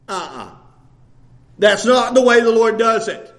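Male preacher, very high voice, lively swoops, shouting and laughing through the sermon. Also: a little slow. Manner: impassioned, often shouting, with laughs.

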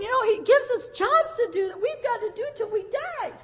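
An older woman with a very high, fairly bright voice delivers a Pentecostal sermon to her congregation. She speaks briskly with hardly any pauses, full of deep emotion, and her storytelling often edges into tears and laughter.

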